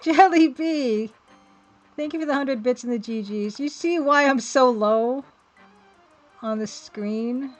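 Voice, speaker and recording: Woman streamer, casual chat, self-mocking, fairly high voice, faint music behind. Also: takes it slowly.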